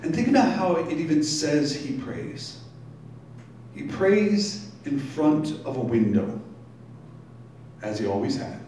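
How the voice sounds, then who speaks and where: A man's voice: fairly high pitch, sing-song, warm tone, slight background noise. Man preaching in an echoey room. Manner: reads scripture, then pauses to explain it. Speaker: pastor. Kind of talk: sermon with scripture reading. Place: brewery taproom. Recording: very echoey room, distant mic.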